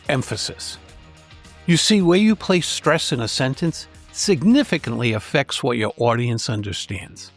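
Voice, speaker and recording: A man, a public speaking trainer, giving a scripted podcast lesson in a clear, measured way, stressing key words on purpose. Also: medium pitch, no echo, studio quality.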